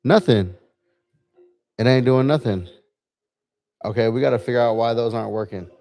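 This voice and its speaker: A man's voice: medium pitch, moderate pace, a little mellow, faint music behind. A man hosting a casual livestream from a bar lounge, chatty and laid-back, testing his gear as he talks. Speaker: livestream host.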